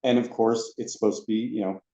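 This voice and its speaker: A man with a lowish, mellow voice tells anecdotes as a podcast guest. He is a lively storyteller who slips into the voices of the people he describes. The sound is roomy and a little dull, like a lo-fi recording. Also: brisk, creaky. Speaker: podcast guest, former theme park ride attendant.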